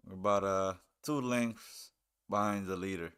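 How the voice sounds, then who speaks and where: Deep, smooth-voiced laid-back stream host. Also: male voice, a little slow, a bit bright. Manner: laid-back, repeats phrases. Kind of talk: casual live-stream chat and game commentary.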